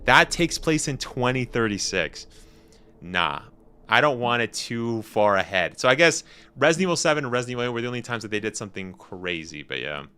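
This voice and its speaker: A young Canadian man with a Canadian accent, rambling and excitable in casual live-stream chat with slang. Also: medium pitch, brisk, clean tone. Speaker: gaming streamer.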